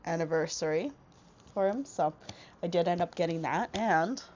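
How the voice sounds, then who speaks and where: On a small wireless clip-on mic, a young woman with a cold-congested voice rambles through a casual book haul vlog, full of fillers and false starts. Her lowish voice keeps a moderate pace, with highs cut off and background noise present.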